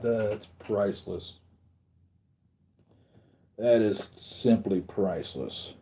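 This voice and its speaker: Speaking in a mellow, medium-pitched voice, a man hosts a laid-back live stream on collectible figures for his collectibles channel. He wanders from point to point, musing aloud as he replies to what viewers write.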